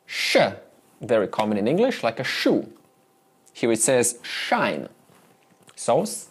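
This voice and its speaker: A man's voice: mid-range voice, big pitch swings, a little slow, breathy edge. A man teaching a beginner Sanskrit lesson, patiently repeating sounds for students and explaining where the tongue goes. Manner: patient, repeats sounds many times for practice; explains mouth and tongue positions step by step. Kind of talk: beginner language lesson with pronunciation drills.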